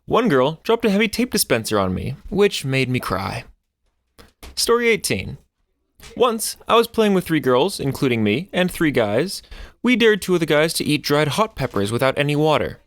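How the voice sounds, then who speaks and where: A man narrating online stories aloud as a scripted reading. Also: normal speed. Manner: animated storytelling with swinging pitch.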